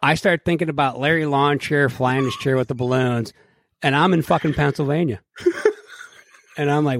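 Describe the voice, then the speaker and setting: A man's voice: a little high, moderate pace, no echo. A man co-hosting a podcast, telling stories with lots of swearing and acted-out quotes in casual chat. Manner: loud, swearing, animated storytelling with put-on quotes. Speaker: podcast co-host.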